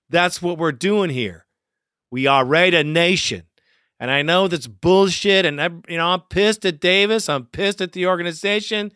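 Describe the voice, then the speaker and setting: A man hosting a sports fan podcast, talking in a fired-up, rough way, cursing and laughing often. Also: on the high side, sharp tone, dry recording, clean studio sound. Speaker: podcast host. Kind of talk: casual fan podcast talk.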